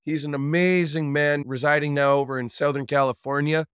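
Podcast host guy, smooth clear voice, dry close mic, upbeat promo read. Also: on the high side, flat delivery, a little fast, a bit bright, no room sound. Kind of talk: scripted podcast intro.

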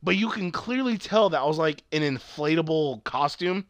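Man, casual co-host, rambling, profane, animated pitch, dry close mic. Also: normal speed, no echo. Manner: rambling, profane, lots of fillers and restarts. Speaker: podcast co-host. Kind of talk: casual chat reviewing a TV show.

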